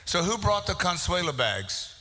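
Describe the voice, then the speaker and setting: A man's voice: sits high, big pitch swings, normal speed, pushed and bright, faint music behind. A man emceeing a live prize raffle in a meeting hall, teasing people and calling out names to the crowd. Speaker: event emcee. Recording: long reverb of a big hall.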